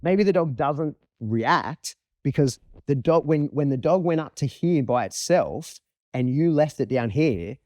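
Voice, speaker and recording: A man talking as a dog trainer in casual conversation. He is animated and swears freely, acting out scenes as he explains. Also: fairly high pitch, a little slow, dry recording, studio quality. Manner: animated, profane, acts out scenes.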